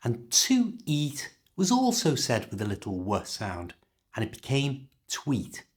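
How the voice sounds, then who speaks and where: Man, British accent, English teacher, clear slow demonstrations, animated intonation. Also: medium pitch. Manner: clear, slow modelling of pronunciation. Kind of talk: explaining phrases to learners.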